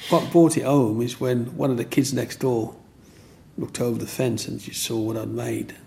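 A man's voice: mid-range voice, steady tone, moderate pace, vocal fry, mellow, a little hiss or hum. An older man telling his own story in a rambling, restart-filled way, as an interviewee. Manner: rambling, with restarts and "you know what I mean".

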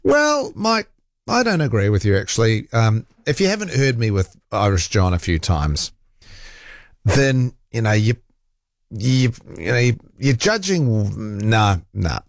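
A man's voice: on the low side, very animated, a little slow, dry recording, clean studio sound. A man hosting a talk radio show, reading listener texts and arguing back at critics in a combative, fact-checking way. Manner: combative, defends himself, fact-checks callers.

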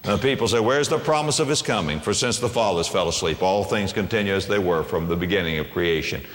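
A man preaching a sermon, dropping to a hush and then soaring, repeating phrases for emphasis. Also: low voice, quick pace. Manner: impassioned, swings from hushed to soaring, repeats phrases. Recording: reverberant hall sound.

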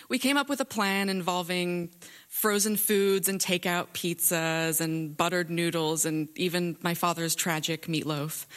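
Woman, young adult, low voice, wry live storytelling. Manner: wry, lively first-person telling.

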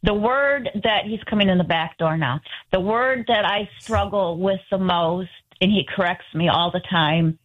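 A woman in her sixties, a first-time caller to a radio show, chatting in a halting, apologetic way over a phone line. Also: mid-range voice. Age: 60s. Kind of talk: radio call-in chat.

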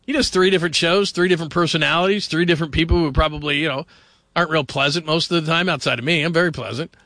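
A male late-night sports radio host talks in a loose, joking, rambling way at a studio mic. His voice sits a little high, sounds bright and forward, and has a gravelly edge. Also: racing, no room sound. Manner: chatty, rambling, jokey. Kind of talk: casual radio talk. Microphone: studio microphone.

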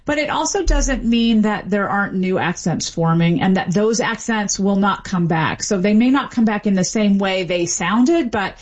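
A woman's voice: medium pitch, normal speed, few pauses. A middle-aged woman linguistics professor speaking as an expert guest, explaining fluently with light laughs and small restarts. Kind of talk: expert radio interview.

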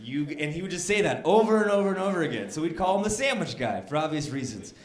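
A man's voice: on the high side, big pitch swings, fast. A man doing stand-up, telling a story and acting out scenes with rising outbursts. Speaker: stand-up comedian. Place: comedy club stage. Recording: roomy club with laughing audience.

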